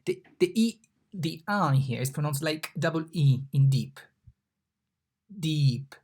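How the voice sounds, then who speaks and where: A teacher giving an online Italian lesson, slowly and patiently sounding out letters and repeating words. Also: mid-range voice, lively intonation, a little mellow.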